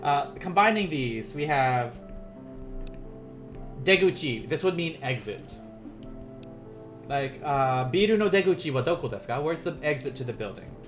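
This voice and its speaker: A man teaching beginner Japanese in a casual livestream, rambling and self-amused, softly counting out strokes as he writes. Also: a little high, animated, unhurried, pauses often, over music.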